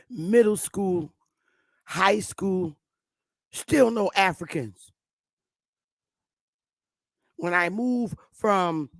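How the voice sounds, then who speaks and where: A woman's voice: on the low side, no room sound. A woman in her fifties from Connecticut, telling stories in a blunt, profane, emphatic rant to her viewers. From Connecticut, USA. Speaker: vlogger. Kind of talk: casual storytelling rant.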